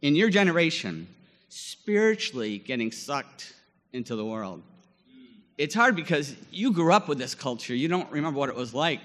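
A man in his forties telling a lively story in a sermon, acting out scenes with many fillers. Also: fairly high pitch, normal speed, big-room sound. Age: 40s. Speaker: guest chapel speaker.

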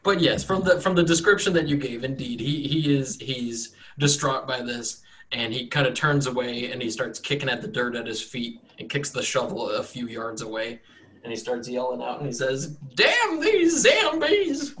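A man's voice: medium pitch, fairly even intonation, normal speed, fairly bright tone, slight background noise. A man narrating as game master in a loose, joking way. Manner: loose, joking, filler-heavy.

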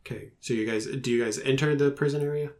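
A man narrating as game master of a tabletop game, halting often with fillers as he describes the scene. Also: medium pitch, steady tone, darkish tone.

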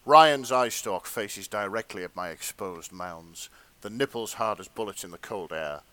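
A man's voice: lowish voice, fairly bright tone, dry recording. Giggly man reading fanfic aloud. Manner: reads slowly, often breaking into laughter. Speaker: podcast co-host and reader. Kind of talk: comedic dramatic fanfic reading.

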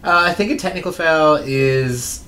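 A man co-hosting a podcast in casual chat, dry and quick, stating facts matter-of-factly. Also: fairly high pitch, echoey room, background noise. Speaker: podcast co-host.

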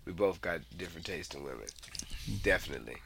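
A man's voice: low voice, lively intonation, quick pace, creaky, fairly bright tone. A man co-hosting a podcast, answering in hesitant, trailing remarks during casual banter. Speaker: podcast co-host.

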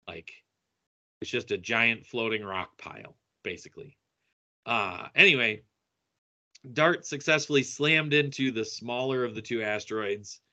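A man's voice: medium pitch, sharp tone. A man co-hosting a podcast, sharing science news in a rambling, casual way with many fillers. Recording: dull lo-fi audio.

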